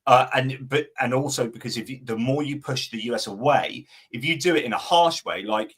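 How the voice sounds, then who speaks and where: A man's voice: mid-range voice, moderate pace, few pauses, a bit bright, slightly rough. A man analysing politics as a livestream guest, talking casually and thinking aloud, with quoted asides. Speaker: guest commentator.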